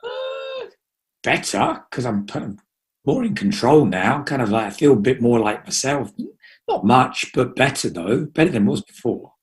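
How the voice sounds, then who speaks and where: Brief: jokey male talk show host, casual chat, mid pitch. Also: wildly swooping pitch, moderate pace. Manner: playful, jokey.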